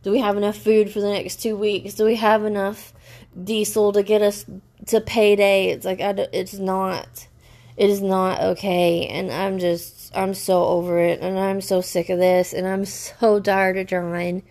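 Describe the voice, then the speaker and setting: A woman rants to her viewers in a stressed, halting way, restarting her sentences again and again. Her voice is gravelly with a lot of fry. Her pitch stays flat and level throughout. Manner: upset, halting, many restarts. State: stressed and upset. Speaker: vlogger. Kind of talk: personal rant to camera.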